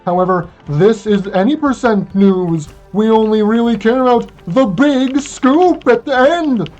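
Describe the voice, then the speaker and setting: A speedrunner doing an old-timey news anchor voice, with a slow, grand, theatrical announcer delivery while commentating a game run. The anchor hosts the run like a newscast. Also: medium pitch, a little mellow, lo-fi sound, faint music behind, lightly acted. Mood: grandiose.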